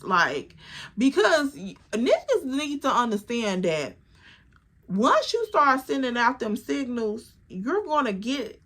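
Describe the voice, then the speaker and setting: A woman in her twenties telling a casual storytime, animated and profane. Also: fairly high pitch, takes it slowly. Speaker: vlogger.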